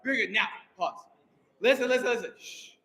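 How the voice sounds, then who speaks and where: A man directing a choir rehearsal, energetic and encouraging, counting the singers in and singing lines to them. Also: very high-pitched, fairly quick, loud music behind the voice. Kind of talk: rehearsal coaching. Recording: echoey hall, faint noise.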